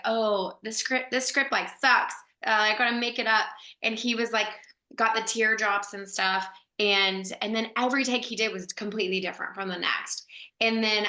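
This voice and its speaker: An actress appears as a guest and tells an animated anecdote, chatty, packed with "like" fillers and laughing along the way. Her voice is medium-pitched and sharp, heard in a roomy space.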